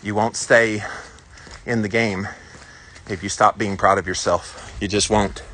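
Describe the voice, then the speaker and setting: A man's voice: fairly low pitch, steady tone, measured pace, a bit bright, a little hiss or hum. A man in his forties with a Southern US accent, chatting casually with viewers while out walking a hilly trail. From South Carolina, US. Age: 40s. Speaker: vlogger answering live viewer comments. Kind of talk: casual walk-and-talk chat.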